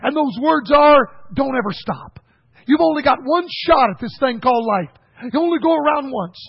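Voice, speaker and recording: A man preaching a folksy sermon that rises to shouted emphasis. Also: very high voice, expressive, normal speed, gravelly, dry recording, dull audio.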